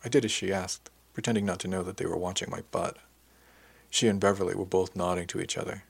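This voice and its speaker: Low, husky male audiobook narrator. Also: fairly even intonation. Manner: measured, descriptive. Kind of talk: first-person audiobook narration.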